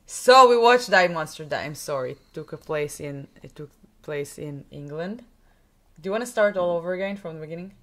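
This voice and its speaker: A woman's voice: deep voice, lively intonation, fairly quick, a bit bright. A woman, a Hebrew speaker, co-hosting a casual podcast and chatting playfully, interrupting and laughing. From Israel. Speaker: podcast co-host. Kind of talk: casual chat.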